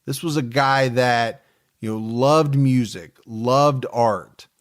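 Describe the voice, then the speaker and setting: A man in his forties co-hosting a true-crime podcast, telling the case in a relaxed, joking way with plenty of fillers. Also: medium pitch, slow. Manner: storytelling, joking, many fillers. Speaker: podcast co-host.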